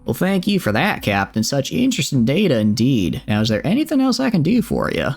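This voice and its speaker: A man's voice: mid-range voice, wildly swooping pitch, brisk, gravelly, a little mellow, full character voice. A man voicing a sly, smug female head researcher with a drawling Southern accent during a game stream. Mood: silky.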